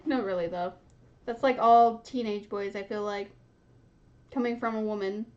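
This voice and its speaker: A woman's voice: mid-range voice, fairly even intonation, a little slow, a little mellow, highs cut off. A young woman hosting a casual book reaction, chatty and giggly, often laughing mid-sentence. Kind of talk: casual reading reaction chat.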